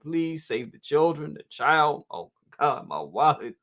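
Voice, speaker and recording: Lively, animated male toy-show host. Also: on the high side, a little slow. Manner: laughs easily, animated and repetitive, talks straight to viewers. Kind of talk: casual live-stream chat reading viewer comments.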